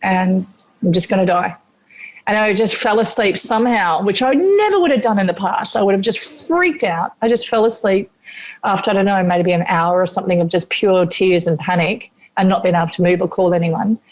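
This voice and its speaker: A woman's voice: mid-range voice, brisk. A middle-aged Australian woman chef, a podcast guest, telling a candid personal story, swearing freely and acting out what she said at the time. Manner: animated, swears freely, acts out her own past remarks.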